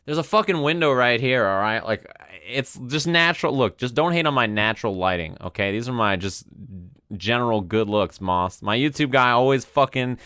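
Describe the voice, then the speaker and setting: A man's voice: medium pitch, animated, moderate pace, bright, forceful tone, clean tone, no room sound, studio quality. A man in his twenties chatting casually on a stream, laid-back, rambling and profane, often tagging "right?" onto his sentences. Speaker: streamer and fighting game commentator. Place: home room with a window.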